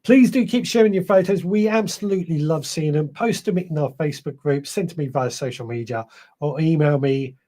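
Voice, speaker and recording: Guy hosting a live stream, a bit tired, rambly and chatty, voice sits a little high. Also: brisk, dark tone. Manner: chatty, rambling, self-correcting. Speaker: podcast host. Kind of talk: live-stream chat reading viewer comments.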